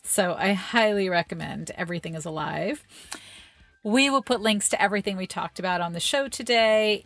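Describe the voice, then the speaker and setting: A woman's voice: mid-range voice, a little fast, fairly bright tone, soft background music. A woman co-hosting a parenting podcast, talking casually and enthusiastically with many fillers and laughs. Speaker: podcast co-host. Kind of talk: casual chat.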